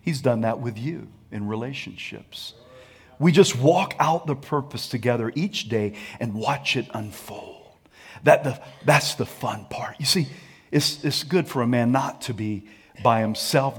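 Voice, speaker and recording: A man pastor preaching a sermon in a lively, colloquial way and calling on the congregation to answer back. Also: mid-range voice, slightly rough. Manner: energetic, colloquial, calls for audience response.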